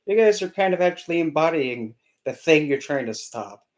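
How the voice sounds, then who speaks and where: A man's voice: fairly high pitch, big pitch swings, a little fast, hardly any pauses, rough recording. A man channeling a spirit on a live stream, talking in a sassy, scolding way and calling listeners honey.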